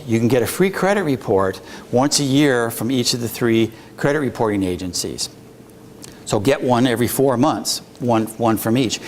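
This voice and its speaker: A police investigator giving an informal, halting presentation, full of fillers and restarts. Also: male voice, medium pitch, a little hiss or hum. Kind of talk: informal presentation at a public talk.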